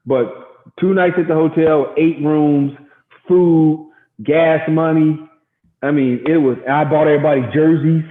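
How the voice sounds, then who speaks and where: A middle-aged man from Gary, Indiana, a former baseball pitcher, telling stories in a casual interview and acting out quotes. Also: measured pace. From Gary, Indiana, USA. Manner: animated storyteller acting out quotes. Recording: echoey, tinny phone-like sound.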